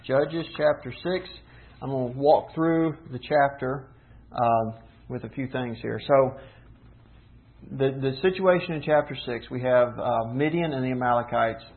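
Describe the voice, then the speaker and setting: A man preaching a sermon, teaching earnestly with rhetorical questions and slowing down for emphasis. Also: medium pitch. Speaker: pastor. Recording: tinny phone-like sound.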